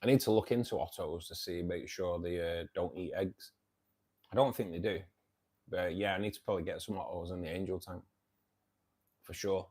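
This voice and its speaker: A man's voice: low voice, moderate pace, pauses often, darkish tone, slightly rough. A man hosting a casual livestream, chatting with viewers in a friendly, hesitant way, full of ums and calling people mate and buddy. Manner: hesitant, many ums and restarts. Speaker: aquarium channel host.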